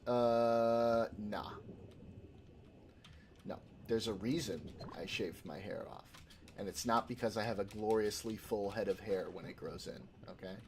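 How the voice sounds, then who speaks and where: Man co-host, medium pitch, dry and joking, with hiss behind him. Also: measured pace, a little mellow. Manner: dry, joking, with many fillers. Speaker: co-host of a livestream. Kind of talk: casual political chat on a stream.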